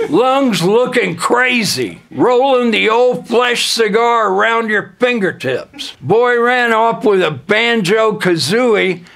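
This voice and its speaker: A man delivering a spoken-word comedy rap parody, boasting absurdly in a slow deadpan way. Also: high voice, creaky.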